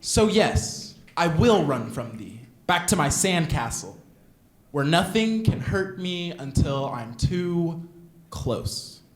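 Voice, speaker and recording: A young man, a student poet, performing spoken word poetry with dramatic shifts of pace and pitch. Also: big pitch swings, takes it slowly. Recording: echoey room.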